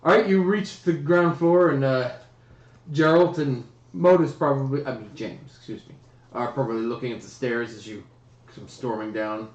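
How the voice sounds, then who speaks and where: Brief: male game master, mid-pitched, loose rambling narration, roomy muffled stream audio. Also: normal speed. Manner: relaxed, rambling narration with fillers. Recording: roomy, dull livestream audio.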